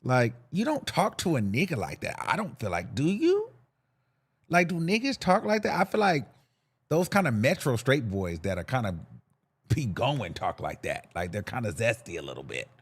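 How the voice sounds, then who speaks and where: With a medium-pitched, slightly breathy voice at a moderate pace, a young podcast host gives himself campy, sassy commentary on celebrity gossip. He's animated and leans on campy slang.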